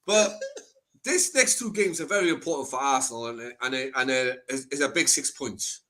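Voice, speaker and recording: A man's voice: medium pitch, normal speed, sharp tone. A male guest in a casual football chat, talking in laid-back slang and calling people bro.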